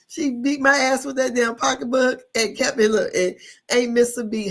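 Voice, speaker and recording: A woman's voice: high voice, slow pace, pauses often, a bit bright. A woman in her fifties, a podcast host telling a childhood story in casual chat, laughing often and swearing freely.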